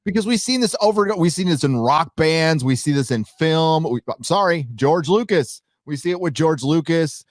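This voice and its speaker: A man's voice: on the high side, lively intonation, normal speed, hardly any pauses, dry recording, clean studio sound. A man talking as a guest on a casual live chat, blunt and swearing freely as he rants.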